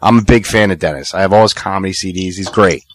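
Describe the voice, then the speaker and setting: A man's voice: sits low, fast talker, a little hiss or hum. A man hosting a radio show, laughing through crude, casual banter with a guest.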